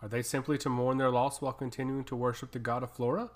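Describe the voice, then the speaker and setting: A man's voice: mid-range voice, little pitch movement, quick pace, close to an everyday voice. A man voicing a proud, powerful woman priestess who speaks in a curt, cutting way, in an audiobook reading. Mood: pressing.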